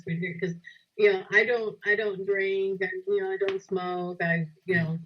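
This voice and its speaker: A host talking earnestly in a casual conversation, asking open questions and sharing their own experiences. The recording sounds dull and lo-fi, with the highs muffled. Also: fairly even intonation, unhurried.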